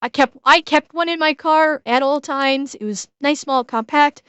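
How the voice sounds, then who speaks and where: A Canadian woman streaming herself reacting to a video, chatty and quick to laugh, with lots of restarts and casual swearing. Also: sits high, fairly bright tone. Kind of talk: casual live-stream chat.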